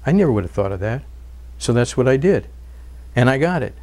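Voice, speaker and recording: A man's voice: mid-range voice, very animated, a little fast, a little mellow. A man telling stories in an interview, earnest, with frequent fillers and restarts. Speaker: documentary narrator and interviewee. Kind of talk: interview and narration.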